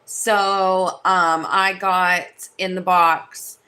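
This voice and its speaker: A woman's voice: lowish voice, little pitch movement, very slow, sharp tone, clear, resonant tone. A woman chatting casually and cursing freely as she retells a story with animation.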